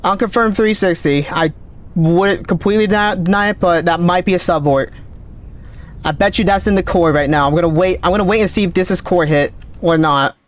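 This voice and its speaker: A man streaming a game live, calling out readings with excited running commentary, his voice cracking. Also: high voice. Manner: excited, calls out numbers rapidly. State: voice cracking, thirsty. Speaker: gaming streamer.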